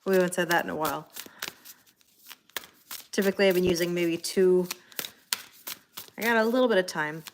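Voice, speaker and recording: A middle-aged woman reading tarot on a livestream, chatting casually, greeting viewers by name and filling pauses with ums and soft laughs. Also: on the low side, slight background noise. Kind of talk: live-stream casual chat.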